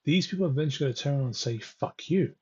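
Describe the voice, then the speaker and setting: Guy ranting live at his viewers, kinda husky, dull lo-fi stream sound. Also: mid-range voice, rapid-fire, darkish tone. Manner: ranting, exasperated, talks to viewers while reading results. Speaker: political livestream host. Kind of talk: live commentary on election results.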